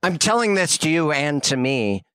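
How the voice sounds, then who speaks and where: A man's voice: a little high, very animated, normal speed, fairly bright tone, smooth, dry recording, studio quality. A man co-hosting a podcast, easygoing and encouraging in casual banter. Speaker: podcast co-host, comedian.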